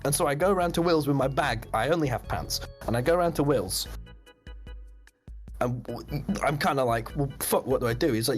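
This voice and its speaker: A young man casually telling a rambling story on a stream, laughing often and jumping up in pitch when he recounts his shock. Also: fairly quick, soft background music.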